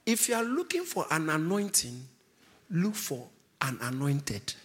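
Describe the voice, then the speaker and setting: A man's voice: a little high, sing-song, measured pace, fairly bright tone. A man preaching a sermon, emphatic, stretching out key words for weight.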